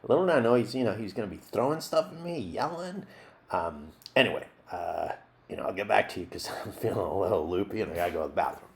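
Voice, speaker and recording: A man plays a washed-up male jackalope actor in a mock documentary interview, rambling loopily, wandering off on tangents and losing his train of thought. His voice is low and rough with gravelly fry, animated and fast, over slight background noise.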